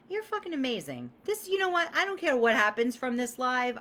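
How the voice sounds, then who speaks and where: A woman's voice: mid-range voice, sharp tone, a little hiss or hum. A woman in her thirties, a business coach on a live stream, talking emphatically, swearing freely and acting out the voices she quotes.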